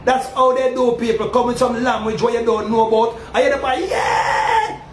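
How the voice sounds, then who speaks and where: A Jamaican man with a strikingly high voice holds forth in a preachy, rambling rant, calling out to his listeners again and again. His voice rings around a roomy, echoey space with a faint hiss underneath. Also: little pitch movement, fairly quick. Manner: preachy, repetitive, calls out "people" often. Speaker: self-styled community leader addressing fans. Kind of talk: animated street-style rant.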